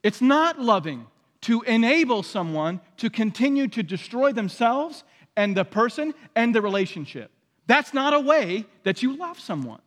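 A man's voice: very high voice, sing-song, normal speed, a bit bright, in a large hall. A man preaching a sermon in a conversational way, acting out the voices he quotes. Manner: conversational, acts out quoted voices, many restarts.

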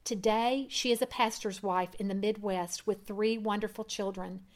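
A woman reading a first-person testimony aloud in an earnest way, growing louder at dramatic moments. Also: mid-range voice, fairly even intonation, moderate pace. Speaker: reader.

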